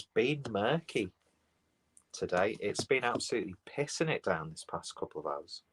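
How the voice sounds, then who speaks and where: Rambling low-voiced man on a live stream. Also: a bit bright, slight background noise, rough recording. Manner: rambling, chatty, reads out viewer comments. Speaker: beer reviewer live-streaming. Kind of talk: casual live-stream chat. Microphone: phone.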